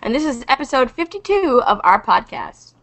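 A woman's voice: sits high, big pitch swings, normal speed, fairly bright tone. A woman hosting a casual podcast over an online call, playful and giggly, restarting the intro again and again. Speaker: podcast host.

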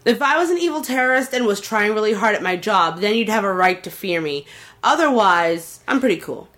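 A woman's voice: medium pitch, lively intonation, brisk, fairly bright tone. A woman with a Boston accent chatting casually on a podcast, playful and rambling, with frequent restarts.

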